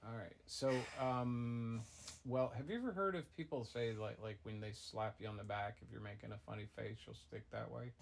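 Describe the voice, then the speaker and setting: A middle-aged man, a father improvising a goofy tall tale for his child, rambling with deadpan asides. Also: lowish voice, moderate pace, vocal fry, a little hiss or hum. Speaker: father telling a bedtime-style story.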